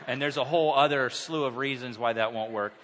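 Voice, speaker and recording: A man in his thirties preaching a sermon in a church, conversational and animated, acting out quotes. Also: mid-range voice, fairly quick, slight background noise. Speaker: pastor. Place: church sanctuary. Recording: long hall reverb.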